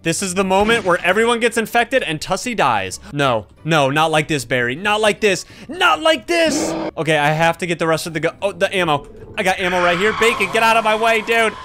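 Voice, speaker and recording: A man giving excited Let's Play commentary, yelping and laughing as he talks to his viewers. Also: high voice, quick pace, soft background music. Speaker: gaming YouTuber.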